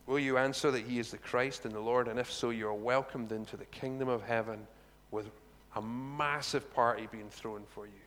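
A man giving a conversational sermon, animated and chatty, with asides to the congregation. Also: mid-range voice, normal speed. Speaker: preacher. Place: church hall. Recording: long reverb of a large hall.

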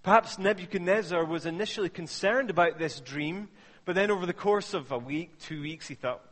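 A man preaching a sermon in a relaxed, conversational way, telling stories and asking the listeners pointed questions. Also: high voice, normal speed, in a large hall. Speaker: pastor.

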